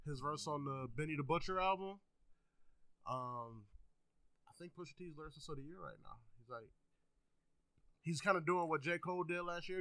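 A man co-hosting a podcast, chatting casually about music and food, mostly laid-back with sudden excited outbursts. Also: a little high, no echo, rough recording. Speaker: podcast co-host. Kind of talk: casual chat.

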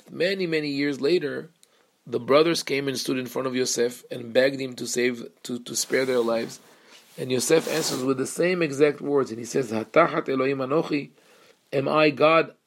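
A man teaching a Torah lesson as a rabbi, earnest and explanatory, pausing and restarting often. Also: mid-range voice, gravelly.

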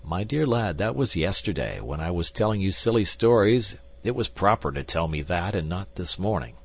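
A man reading as a cool, sardonic musketeer in an audiobook, low and husky. He drawls calmly and wryly, unbothered by bad news. A storybook gambler. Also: moderate pace, exaggerated voice. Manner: calm, drawling and wry. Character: coolly indifferent older male musketeer, wry gambler.

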